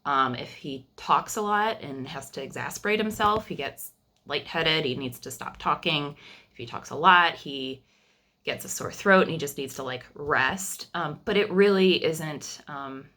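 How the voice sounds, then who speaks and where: Young woman vlogger, low and crisp, candid and chatty, storytelling to camera. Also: a little slow, pushed and bright. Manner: chatty and candid, with frequent fillers and restarts. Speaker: vlogger telling her family's story.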